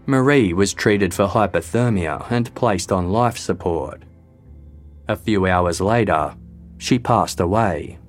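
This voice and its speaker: Low-voiced man narrating true crime. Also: takes it slowly, soft background music.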